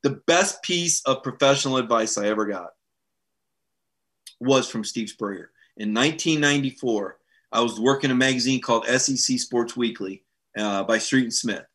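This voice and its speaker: A man's voice: medium pitch, moderate pace, a bit bright. A middle-aged man hosting a live sports show, chatting casually and upbeat as he reads viewer comments and acts out quoted voices.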